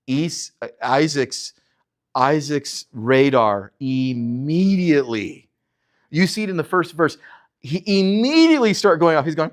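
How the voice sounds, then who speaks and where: A man, a pastor, teaching verse by verse with animated delivery, rhetorical questions and chuckling asides. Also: fairly high pitch, a little slow.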